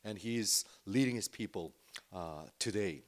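A man preaching a Sunday sermon as pastor, earnest and deliberate, pausing often with "uh" and repeating words for emphasis. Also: on the low side. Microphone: remote livestream worship.

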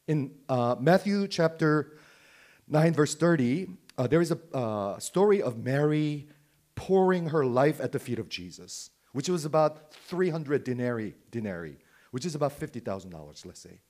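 A man's voice: medium pitch, very animated, moderate pace, a little mellow. A man preaching a sermon, asking the listeners questions and swinging from emphatic stress down to a near-whisper. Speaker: pastor.

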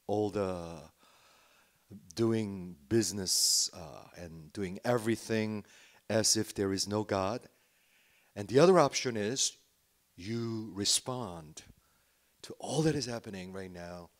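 A man preaching a Sunday sermon as pastor, earnest and deliberate, pausing often with "uh" and repeating words for emphasis. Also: lowish voice. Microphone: remote livestream worship.

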